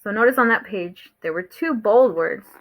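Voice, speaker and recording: A woman teacher with a bright, clear voice reads a picture book aloud to her class. She explains gently and encouragingly, with the occasional "um" as she goes. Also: medium pitch, animated, low-quality recording. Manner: warm, encouraging, explains slowly with fillers.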